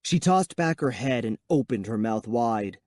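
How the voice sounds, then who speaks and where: A man narrating a children's horror audiobook in first person with a measured, suspenseful reading. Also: medium pitch, animated, a little mellow, dry recording, clean studio sound.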